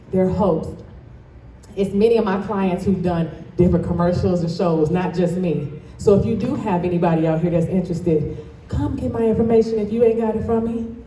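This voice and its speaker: A woman's voice: medium pitch, dark tone, far from the mic, slight background noise. Passionate woman speaking in an echoey hall. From Toledo, Ohio. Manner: passionate, emphatic, addresses the crowd directly. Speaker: guest speaker and dance studio owner. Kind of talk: motivational speech to a live audience. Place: event hall, indoors.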